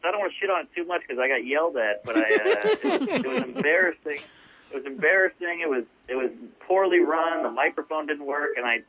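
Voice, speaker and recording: A comedian from New Orleans, calling into a podcast, rants in an exasperated way about a gig gone wrong. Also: male voice, a little high, phone-quality sound, a little hiss or hum. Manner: ranting, exasperated. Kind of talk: casual podcast storytelling. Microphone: phone call-in line.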